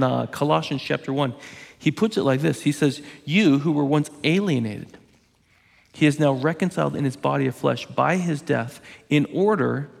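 Gravelly pastor preaching in a reverberant hall. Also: male voice, mid-range voice, a little mellow. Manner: earnest, emphatic, drawn-out pauses for weight. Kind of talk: sermon.

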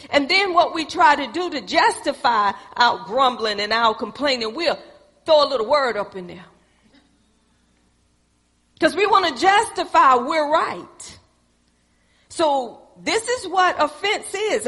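A woman's voice: sits high, fairly bright tone. A woman preaching a sermon, folksy and calling on the congregation for responses. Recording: echoey hall with long reverb.

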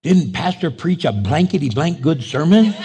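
A man's voice: fairly high pitch, slightly rough. A middle-aged male pastor preaching a storytelling sermon, acting out conversations in quoted voices. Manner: animated, acts out dialogue in quoted voices.

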